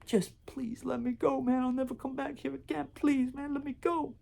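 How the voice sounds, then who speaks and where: A man voicing a terrified young male robber who pleads to be let go, in a high strained voice. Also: level tone, moderate pace, creaky, darkish tone, full character voice. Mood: begging.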